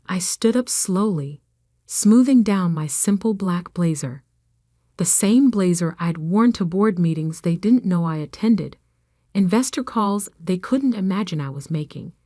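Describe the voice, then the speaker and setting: Brief: woman narrator, calm measured scripted storytelling, low voice, dry close sound. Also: no room sound.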